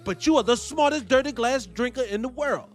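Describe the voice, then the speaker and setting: Man, high-pitched voice, host, reaction commentary, profane rhetorical questions. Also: lively intonation, brisk, soft background music.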